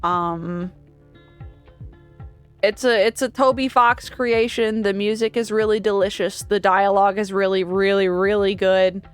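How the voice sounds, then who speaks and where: A woman's voice: medium pitch, steady tone, unhurried, clear, resonant tone, faint music behind. A woman streamer chatting casually and rambling, often laughing between thoughts.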